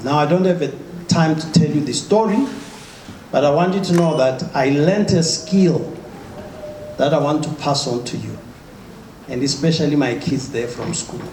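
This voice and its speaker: A man with a high voice gives an emphatic motivational talk and keeps firing questions at his audience. The sound is echoey, with clear noise behind him, as if he is in a large hall. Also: a little mellow. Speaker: motivational speaker.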